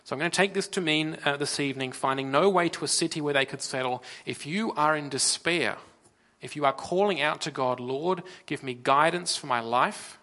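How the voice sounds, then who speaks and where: An Australian man preaching a sermon earnestly, swinging from loud emphasis to hushed, near-whispered lows, with pauses and restarts.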